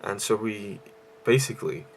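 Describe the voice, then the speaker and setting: Breathless man with a low, gravelly voice. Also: moderate pace, a little hiss or hum. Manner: rambling, with many fillers and restarts. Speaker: YouTube movie reviewer. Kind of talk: casual vlog review.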